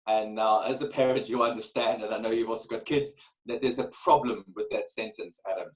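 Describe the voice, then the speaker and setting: A man in his forties telling a candid personal story as a podcast guest, earnest and animated, often repeating words as he starts a phrase. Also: on the low side, brisk, rough recording. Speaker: guest, keynote speaker.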